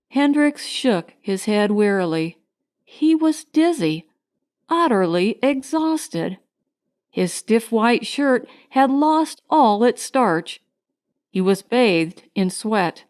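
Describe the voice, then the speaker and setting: A woman narrating a science fiction short story in a steady, measured storytelling manner. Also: fairly high pitch. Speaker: audiobook narrator. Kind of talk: scripted narration.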